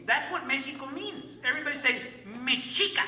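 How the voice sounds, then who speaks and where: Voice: high voice, fairly quick, reverberant, distant mic, crowd noise, low-quality recording. A teacher giving an emphatic classroom lecture, repeating key words and having the class call back phrases.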